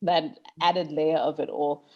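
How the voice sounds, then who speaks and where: A woman's voice: deep voice, level tone, takes it slowly, highs cut off. A young woman from Zimbabwe in a casual podcast chat, making her points emphatically and often asking if you get what she means.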